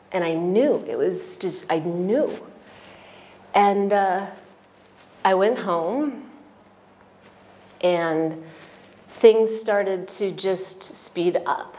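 Woman telling an emotional testimonial. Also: on the low side. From United States. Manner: emotional, animated storytelling with frequent restarts. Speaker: retreat participant giving a testimonial. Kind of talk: personal testimonial.

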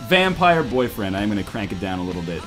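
This low-pitched, rapid-fire podcast host chats casually over a voice call and reads a visual novel aloud, animated, mock-dramatic and full of swearing. Faint rock music can be heard behind him.

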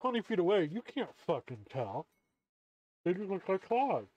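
A man's voice: high-pitched, big pitch swings, moderate pace. A man chatting casually on a game stream, his voice stuffy and muffled through a costume mask, joking, chuckling often and swearing freely. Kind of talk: casual live-stream chat. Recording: dull muffled lo-fi audio.

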